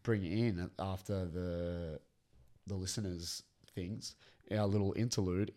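A man's voice: on the low side, a little mellow. A man co-hosting a podcast, rambling in a laid-back way in casual chat. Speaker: podcast co-host.

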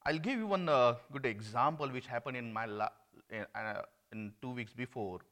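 A man from India, preaching an earnest sermon that swings between emphatic and hushed. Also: mid-range voice, normal speed.

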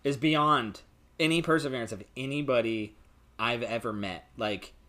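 A man's voice: mid-range voice, normal speed, pushed and bright. A young man in casual chat, rambling through stories in a loose, profane way.

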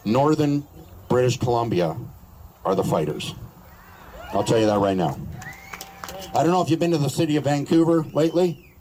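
Rousing man shouting at an outdoor rally. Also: mid-range voice, expressive, moderate pace, long pauses, a little hiss or hum, poor audio. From Canada. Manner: rousing, crude, joking, shouts at peaks. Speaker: rally speaker.

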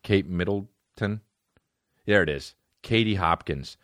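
A man's voice: low voice, slow pace, fairly bright tone, no room sound, studio quality. A man hosting a comedy podcast, ranting casually in a profane, rambling way and slipping into made-up dialogue. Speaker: podcast host.

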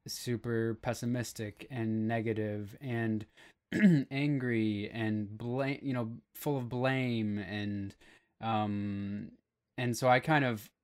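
Man, podcast guest, very slow, hesitant, lots of fillers, lowish voice. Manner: hesitant, searching for words, many fillers. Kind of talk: casual chat.

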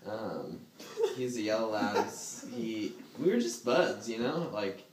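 A man's voice: lowish voice, big pitch swings, slow pace, slight background noise. Casual male storyteller, rambling and laughing, fillers galore, roomy echo. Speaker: storyteller in a group chat. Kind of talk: casual chat.

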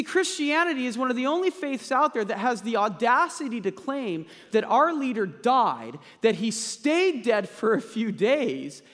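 A male pastor preaching a sermon, emphatic and slowing down to stress key points. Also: very high-pitched, a bit bright, long reverb tail.

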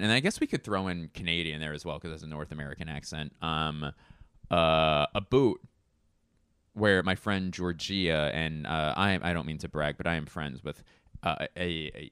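A man with a low, smooth voice delivers a rambling comic monologue. He is self-mocking and curses freely, and the recording is close and dry. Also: bright, forceful tone, no echo.

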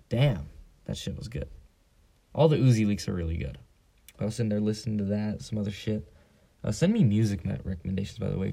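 A man's voice: fairly low pitch, gravelly, warm tone. A teenage boy hosting a casual solo podcast, telling a joking, profane story. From San Diego. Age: teens. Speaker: podcast host.

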